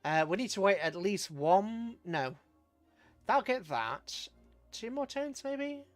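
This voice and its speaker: A man's voice: high-pitched, big pitch swings, takes it slowly, no echo, soft background music. A man chatting casually through a live game stream, laughing often and talking to his chat. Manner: chatty, chuckling, talks to chat. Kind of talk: live gameplay commentary.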